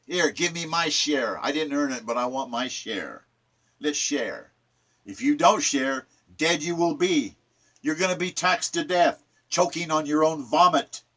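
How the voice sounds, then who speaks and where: A man's voice: a little high, animated, unhurried, fairly bright tone. A man voicing a greedy male thug who demands a share he never earned and threatens anyone who refuses. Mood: menacing. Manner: menacing, grasping.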